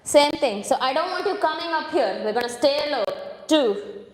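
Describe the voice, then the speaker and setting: A woman's voice: sits high, animated, moderate pace. A woman leading a home workout class, counting reps and coaching form, out of breath at times. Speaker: fitness instructor. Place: home room with a hard floor. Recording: echoey room with long reverb.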